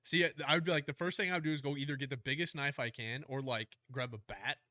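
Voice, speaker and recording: A man's voice: mid-range voice, steady tone, fast, bright, forceful tone, dry recording, studio quality. A man co-hosting a podcast, reacting in casual chat with short comments and quips. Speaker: podcast co-host.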